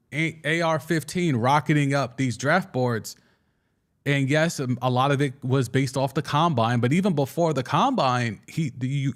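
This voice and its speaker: A young man hosting a casual sports talk show, excitedly giving his takes and answering viewer comments, often restarting and stumbling over his words. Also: mid-range voice. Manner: excitable, with frequent restarts and stammers. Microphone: studio microphone.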